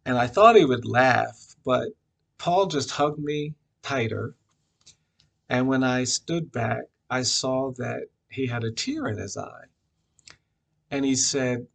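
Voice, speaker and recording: At a memorial, a man offers a reflective personal tribute, telling a story with frequent pauses and fillers. His voice is medium-pitched with vocal fry.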